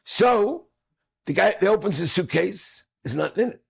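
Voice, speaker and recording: Man, middle-aged, storytelling, husky, animated, acts out quoted speakers. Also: high-pitched, moderate pace. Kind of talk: storytelling talk.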